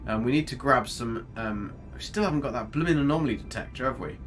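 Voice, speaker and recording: A man's voice: medium pitch, fast, a bit bright. Chatty man streaming a game. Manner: chatty, jokey, rambling, reads chat aloud. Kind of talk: casual live-stream commentary. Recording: faint music behind.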